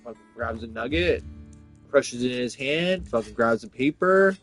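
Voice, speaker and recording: A man's voice: mid-range voice, lively intonation, moderate pace, a bit bright, soft background music, poor audio. Rambling, profane man telling a story. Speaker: vlogger. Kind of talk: casual storytelling monologue.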